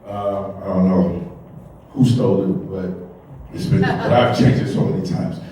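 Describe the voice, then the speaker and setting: A man's voice: low voice, a little slow, warm tone, very echoey, recorded from a distance, poor audio. A man doing a stand-up comedy set on stage, telling loose stories full of asides. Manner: loose storytelling with frequent asides.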